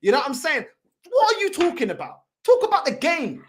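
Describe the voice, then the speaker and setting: Shouting, high-pitched woman ranting. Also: huge pitch swings, brisk, a little hiss or hum. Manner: shouting, exasperated, swearing, slangy. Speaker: fan channel host reacting to videos. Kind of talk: heated reaction rant.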